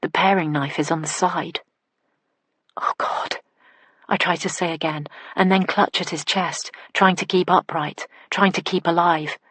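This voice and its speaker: A woman's voice: on the low side, fairly even intonation, normal speed, hardly any pauses, fairly bright tone, breathy edge, no echo. A woman narrating a first-person psychological thriller in an intimate inner voice that sometimes drops to a whisper. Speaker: audiobook narrator.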